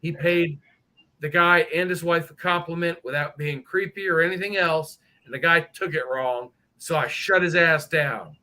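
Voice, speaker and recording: Bright-voiced, high-pitched cursing storyteller man. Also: normal speed, poor audio. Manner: profane, animated storyteller. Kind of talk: casual chat.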